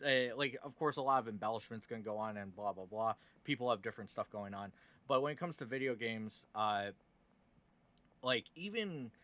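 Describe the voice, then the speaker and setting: A man's voice: mid-range voice, bright, forceful tone. A man hosting casual gaming news commentary, opinionated and sarcastic, with many fillers.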